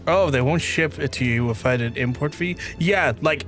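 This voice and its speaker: Streaming an online role-playing game, a Northern Irish man chats casually, rambling and slipping into exasperated, mock-outraged rants with quoted asides. His voice is a little high and fairly bright, moving at normal speed with hardly any pauses, and faint music plays behind him.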